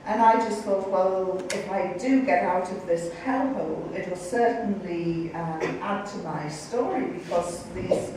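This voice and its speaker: A woman's voice: fairly low pitch, unhurried, hardly any pauses, far from the mic, a little hiss or hum. Woman telling a story in an echoey hall. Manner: lively, acts out quoted voices. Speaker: guest speaker. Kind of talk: storytelling public talk. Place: university lecture hall.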